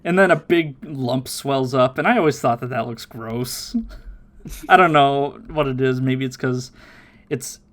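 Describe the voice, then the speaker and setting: A man hosting a podcast, casually recapping an episode with lots of laughter and quick silly voices. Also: medium pitch. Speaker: podcast host.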